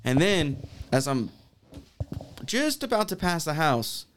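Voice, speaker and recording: A man's voice: a little high, slow pace, slight background noise. A young man in casual podcast chat, telling stories and acting out the people in them. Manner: animated storyteller acting out quoted voices.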